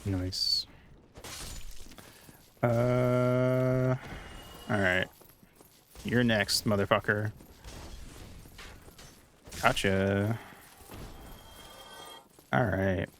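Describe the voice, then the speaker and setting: A man streaming a video game, taunting enemies with profane, slow-paced commentary. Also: fairly low pitch, fairly even intonation, fairly bright tone, a little hiss or hum. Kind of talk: casual gaming commentary.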